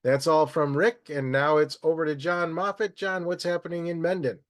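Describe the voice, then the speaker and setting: A man's voice: fairly high pitch, flat delivery, moderate pace. Earnest man reading a local update. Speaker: local official presenting an update. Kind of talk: read announcement.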